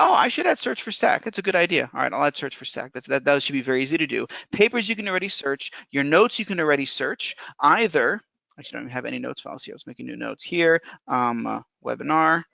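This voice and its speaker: A man, a software developer, walking through a live software demo in a casual, technical way, often thinking aloud. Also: medium pitch, expressive, fast, vocal fry, no echo. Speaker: software developer presenting a webinar. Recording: dull lo-fi webinar audio.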